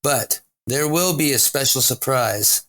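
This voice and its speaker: A man's voice: medium pitch, unhurried, fairly bright tone. A man co-hosting a home improvement talk show, casual and jokey, teasing his partner. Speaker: co-host. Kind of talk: casual chat.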